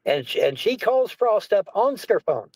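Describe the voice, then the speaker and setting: High-voiced man ranting insistently. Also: sing-song, moderate pace, a little mellow, no echo, poor audio. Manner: rambling, repetitive, profane, insistent. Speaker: guest. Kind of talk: heated phone-in rant.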